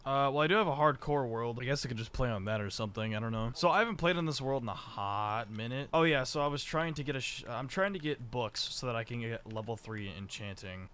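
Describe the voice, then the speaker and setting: A young man streaming a game live and commenting as he plays, rambling and swearing, with sudden shouts of surprise. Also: mid-range voice, fast, few pauses, a little hiss or hum. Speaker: gaming streamer.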